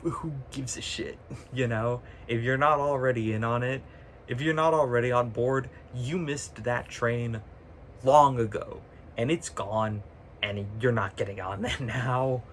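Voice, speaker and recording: A man's voice: mid-range voice, steady tone, a little slow, a bit bright, slight background noise. A man talking casually to camera, ranting with sarcasm, swearing freely and laughing often mid-sentence, recorded on a phone. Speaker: vlogger. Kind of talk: casual chat.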